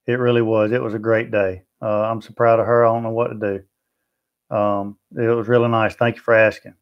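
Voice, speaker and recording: A lowish male voice with flat delivery talks a little fast, captured with lo-fi sound. The Southern-accented man hosts a barbecue livestream, keeping the chat friendly and answering viewer comments one after another.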